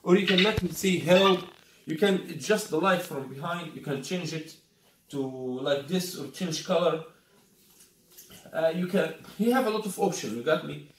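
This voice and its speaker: Echo and faint noise surround a man whose slightly bright, highish voice has lively intonation at normal speed. He's a product reviewer, an Arabic native speaking non-native English, casually demoing and unboxing a scooter while often asking "you got me?".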